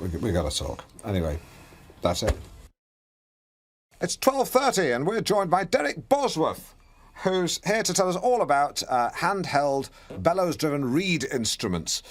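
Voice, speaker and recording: A man's voice: on the low side, slight background noise. An actor playing a pompous, awkward middle-aged local radio host who fumbles, restarts and corrects himself as he chats on air. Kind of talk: comedy radio show banter.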